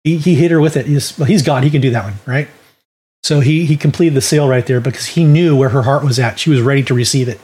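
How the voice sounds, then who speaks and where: A man's voice: medium pitch, fast, a little mellow, husky. A man teaching a Bible lesson on sharing faith, talking in a folksy, conversational way with restarts. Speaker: ministry teacher.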